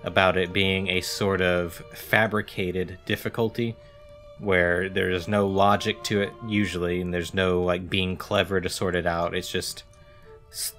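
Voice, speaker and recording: A man's voice: low-pitched, fairly bright tone. A man streaming a game live, commenting wryly and reading the on-screen text aloud. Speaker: gaming streamer.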